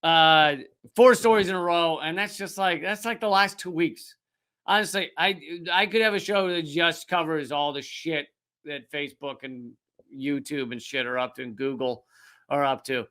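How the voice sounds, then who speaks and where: A man delivering a comedic political monologue to the camera, sarcastic and profane, full of rambling asides. His voice sits a little high for a man and has a bright, sharp edge. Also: normal speed. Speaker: host of a political comedy commentary show.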